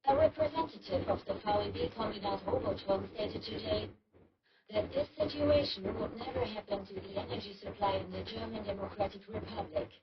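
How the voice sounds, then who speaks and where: A woman's voice: mid-range voice, sing-song, brisk, natural voice. An actress voicing a female state radio news announcer reading formal bulletins. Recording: distant dull radio broadcast with crowd noise.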